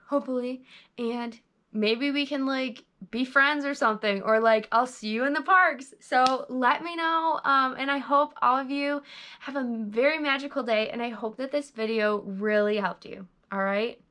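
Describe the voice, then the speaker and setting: A woman's voice: high voice, unhurried, a bit bright. A young woman giving chatty, bubbly interview tips to her viewers, recorded on a GoPro camera. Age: young adult. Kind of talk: casual tips vlog.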